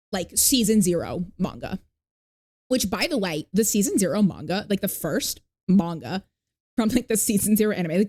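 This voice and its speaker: Her mid-range voice has a darkish tone as she casually chats with viewers on her live stream. Not a New Yorker, she rambles, leans heavily on fillers, curses freely, and stops now and then to thank new followers.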